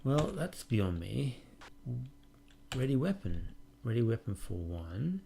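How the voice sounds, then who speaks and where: A man's voice: medium pitch, sing-song, slow, gravelly, mellow, a little hiss or hum. A man hosting a let's play, casually commenting on a game and reading its prompts aloud with wry musing.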